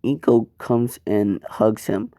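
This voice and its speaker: A man's voice: on the low side, slow, dark tone. A man narrating improvised fan fiction in a casual, rambling, profane way. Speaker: fan storyteller.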